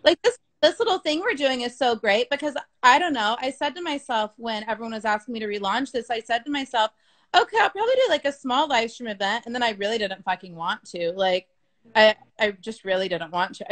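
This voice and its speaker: A woman with a slightly high, fairly bright voice speaks fairly quickly as a business coach being interviewed. She's frank and chatty and casual, full of fillers like "like" and the odd swear word.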